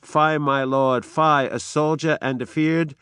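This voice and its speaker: A man voicing a guilt-haunted, sleepwalking queen, reciting her lines slowly in a slightly raised voice. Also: fairly high pitch, steady tone, a bit bright, clear, resonant tone, dry recording, studio quality, pitched above the performer's own voice.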